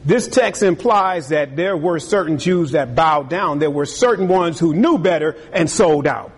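A man preaching a sermon with a husky voice, lively and acting out other people's voices. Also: fairly high pitch, measured pace. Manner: animated, acts out voices of tempters and the king. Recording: long hall reverb.

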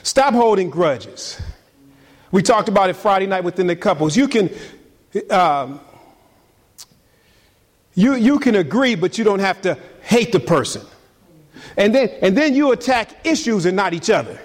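Pastor, male, high voice, animated sermon delivery, repeats words for emphasis. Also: moderate pace, pauses often.

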